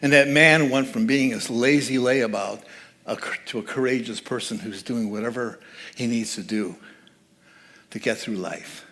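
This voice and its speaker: A man's voice: mid-range voice, normal speed, fairly bright tone. A man speaking as guest speaker at a church service, giving a conversational, joking sermon and laughing at his own asides.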